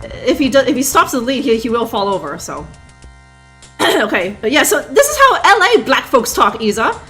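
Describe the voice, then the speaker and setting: A woman's voice: a little high, very animated, moderate pace, fairly bright tone, faint music behind. A woman streamer giving live commentary on a game, sarcastic and rambling, laughing often.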